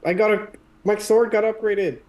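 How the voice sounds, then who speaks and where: A man playing a tabletop game who talks eagerly and excitedly about his character's gear. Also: high voice, normal speed. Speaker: player.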